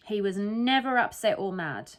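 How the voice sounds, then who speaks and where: A woman's voice: medium pitch, animated, moderate pace. A woman giving casual solo commentary that analyzes the wording of an interview, thinking aloud and often checking in with "right?" and "okay?". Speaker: true crime commentator.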